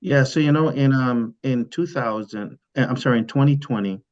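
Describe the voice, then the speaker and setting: A man, a physician, speaking on a panel in a measured, thoughtful way. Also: medium pitch, a little mellow. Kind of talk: panel discussion. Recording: dull lo-fi sound.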